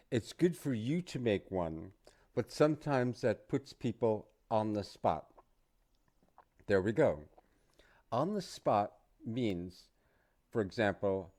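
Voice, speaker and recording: A middle-aged man teaching English phrases to learners, repeating each phrase slowly and casually. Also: lowish voice, darkish tone. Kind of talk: casual online English lesson.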